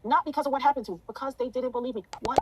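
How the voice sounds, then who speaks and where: Rapid-fire fervent woman telling her story. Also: high voice, background noise. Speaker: interview guest. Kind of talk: emotional interview testimony.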